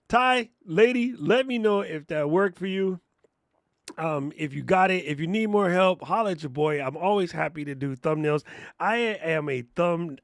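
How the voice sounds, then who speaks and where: Guy running a live class, slangy and lively, laughs a lot, bit high voice with gravel in it, dry close sound. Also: dry recording. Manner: slangy, animated storyteller who laughs often. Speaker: host and content coach. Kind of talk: casual livestream teaching chat.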